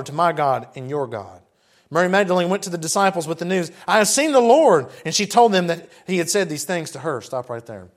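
Guy preaching a sermon, fairly high voice, reads verses then chats about them. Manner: conversational, chatty asides while reading scripture. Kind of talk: sermon with scripture reading.

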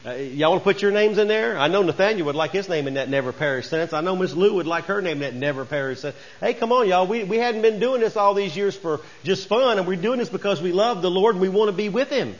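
Folksy preacher, emphatic. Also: male voice, high-pitched, fast, few pauses, muffled recording. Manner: folksy, rising to emphatic bursts. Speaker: pastor. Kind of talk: sermon.

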